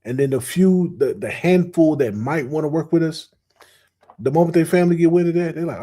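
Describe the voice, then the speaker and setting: A man hosting a reaction commentary show, talking in a slangy, animated way straight to his audience. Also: on the high side, fairly quick. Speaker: host.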